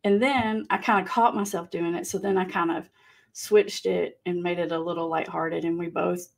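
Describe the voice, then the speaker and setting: A woman with a Southern US accent chats live with viewers and reads out their comments. Her voice is gravelly and husky, with a slight rasp. She talks easily and laughs often. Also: on the low side, fairly even intonation, moderate pace. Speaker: livestream host. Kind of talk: casual live chat.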